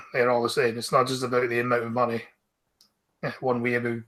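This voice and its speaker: A man's voice: mid-range voice, completely flat delivery, fairly quick, a bit bright. A Scottish man hosting a casual group stream, reading news stories aloud and bantering dryly with friends. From Scotland. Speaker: streamer host.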